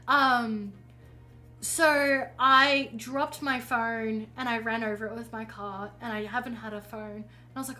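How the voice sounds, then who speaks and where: A woman's voice: on the high side, steady tone, a little slow, bright, forceful tone, rough recording. A woman streaming while painting, telling a rambling story in casual chat and often correcting herself. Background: faint music.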